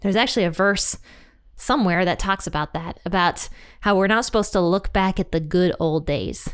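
A woman's voice: lowish voice, normal speed, clear, resonant tone. A woman hosting an episode, retelling a Bible story in a chatty, blunt, conversational way. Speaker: podcast host teaching the Bible.

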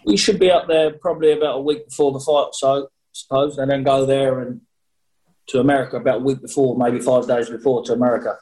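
A man chats over a video call with a cheeky, rambling manner. He jokes his way through answers in a middle-pitched voice, casual and full of fillers. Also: fairly even intonation, fast, darkish tone, poor audio. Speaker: boxer interviewee. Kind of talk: casual remote interview.

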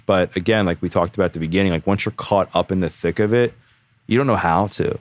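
Low-voiced man telling his story candidly. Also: fast talker, no echo. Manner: candid, animated, heavy use of "like". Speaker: podcast guest. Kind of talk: casual storytelling.

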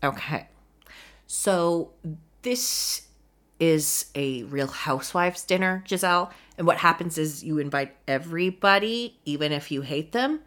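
A woman's voice: low voice, a little slow, a bit bright. A woman giving a casual solo recap of a reality TV show, candid and sarcastic, swearing freely.

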